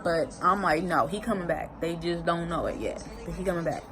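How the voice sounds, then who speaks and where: A woman's voice: fairly low pitch, a little fast, low-quality recording. A woman talking casually in a vlog recap, emotional and rambling, often repeating herself. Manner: colloquial, expressive. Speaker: vlogger recapping a TV season.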